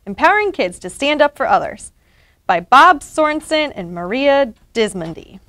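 A woman reading a children's picture book aloud, expressive and animated. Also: high voice, moderate pace, dry recording. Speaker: story reader.

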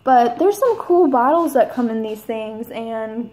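A young woman in her twenties chatting casually at home in a haul video, gushing and rambling with drawn-out enthusiasm. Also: a little high, animated, dark tone, slight background noise. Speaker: vlogger.

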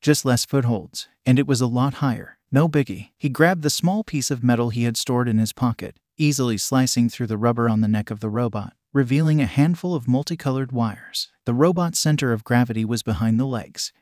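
Man with an even, unhurried reading. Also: mid-range voice, no echo, clean studio sound. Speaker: narrator. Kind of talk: scripted story narration.

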